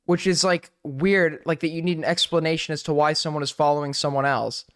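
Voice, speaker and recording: A man's voice: a little high, brisk, few pauses, fairly bright tone, clear, resonant tone. A man hosting a live stream, reacting to a video and arguing back at it, with lots of "like" fillers. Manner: argumentative, many "like" fillers.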